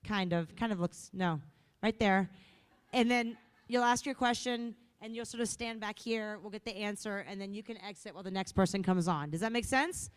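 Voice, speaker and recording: A woman's voice: mid-range voice, moderate pace, clear, resonant tone. A woman hosting a conference on stage, bubbly and playful, speaking into a microphone. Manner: bubbly and playful, lively delivery. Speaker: event emcee. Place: conference hall.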